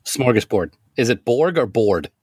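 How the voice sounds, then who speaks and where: A man's voice: medium pitch, animated, quick pace, no room sound, clean studio sound. A man co-hosting a podcast, self-deprecating and jokey in casual banter. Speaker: podcast co-host.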